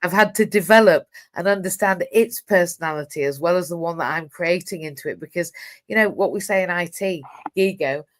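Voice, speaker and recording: A woman hosting an interview, telling stories in a lively way and acting out quoted lines. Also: fairly low pitch, a little fast. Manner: lively storytelling with quoted voices and laughs. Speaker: host. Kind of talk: casual conversational interview.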